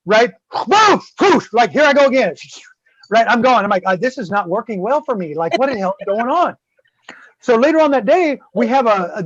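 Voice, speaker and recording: A man's voice: high voice, dry recording. A middle-aged man telling a rowdy story on a podcast, cursing freely and acting out quotes and crash sounds. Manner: animated and profane, acts out quotes and sound effects. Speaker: guest host. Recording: dull, dry, lo-fi sound.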